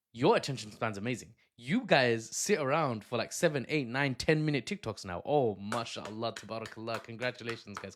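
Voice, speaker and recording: A young man talks through the news in a quick, loose way and keeps drifting into jokey asides. His voice sits at an ordinary middle pitch for a man. He sounds like someone making a casual commentary video rather than reading a script. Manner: quick, digressive, joking asides.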